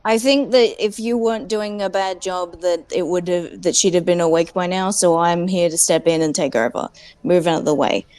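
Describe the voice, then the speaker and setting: A woman's voice: fairly low pitch, fairly even intonation, moderate pace, darkish tone, no room sound. A woman playing a character in a tabletop role-playing game, playful and breezy, laughing often. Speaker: player.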